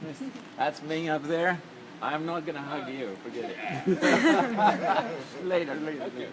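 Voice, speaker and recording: This clip has a middle-aged bandleader with a fairly high, lively voice, speaking a little slowly as he jokes with his band before sound check. A loud crowd and rough recording quality surround his casual, laugh-filled backstage video chat on the concert stage.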